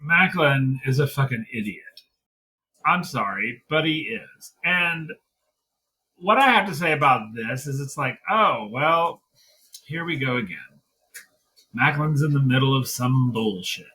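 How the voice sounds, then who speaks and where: A man's voice: mid-range voice, lively intonation, measured pace, pushed and bright, recorded from a distance, a little hiss or hum, poor audio. A man co-hosting a wrestling review podcast, ranting heatedly in casual chat, swearing and mimicking people in mocking voices. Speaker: podcast co-host.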